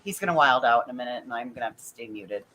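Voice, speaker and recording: A woman's voice: extremely low pitch, lively intonation, rapid-fire, a bit bright. A woman hosting a live online panel, brash and profane, hyping up the chat. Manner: brash, profane, theatrical hype. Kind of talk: casual livestream chat. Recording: faint background noise.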